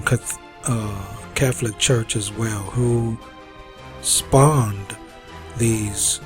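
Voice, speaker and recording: A man giving a deliberate, lecturing commentary with halting fillers. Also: mid-range voice. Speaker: commentary host. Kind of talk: religious-history commentary. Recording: over loud background music.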